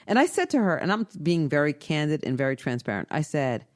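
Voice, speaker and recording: A woman hosting a casual podcast chat, telling stories in an animated way, often repeating herself and laughing. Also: low voice, fairly quick. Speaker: podcast host and inventor.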